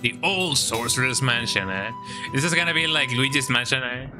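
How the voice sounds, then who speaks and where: Man, game streamer, playful joking delivery, mid-pitched, game music behind. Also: lively intonation, normal speed, low-quality recording. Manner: playful, reads game dialogue aloud, tags lines with "eh?". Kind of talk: casual gameplay commentary.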